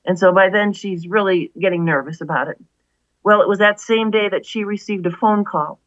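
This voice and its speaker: A woman's voice: medium pitch, normal speed, no room sound, lo-fi sound. A woman, an author guest, earnestly retelling a story in an interview, with many asides.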